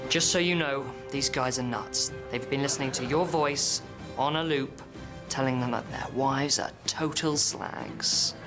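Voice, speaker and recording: A child playing a deadpan course trainer. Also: mid-range voice, music in the background, natural voice. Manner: brisk instructing, deadpan. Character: stern adult customer-service course trainer. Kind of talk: sketch comedy acting.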